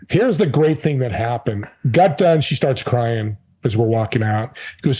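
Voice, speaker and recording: A man's voice: mid-range voice, lively intonation, fairly quick, warm tone, husky, rough recording. A man being interviewed, telling stories with emphatic energy. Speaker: podcast host and guest. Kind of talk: casual interview storytelling.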